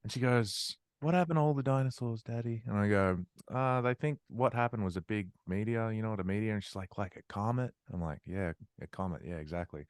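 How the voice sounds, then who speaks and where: A man's voice: lowish voice, brisk, hardly any pauses, clean tone, no room sound. A man, a guest chatting casually on a podcast with dry, laid-back humor. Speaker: guest, metal musician. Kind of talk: casual chat.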